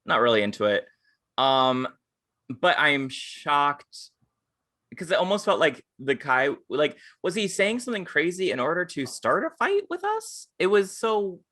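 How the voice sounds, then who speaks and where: Male podcast co-host, lively storyteller with a lot of swearing, close and dry. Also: a little high, unhurried, no echo. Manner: animated storytelling, swears freely. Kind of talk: casual chat.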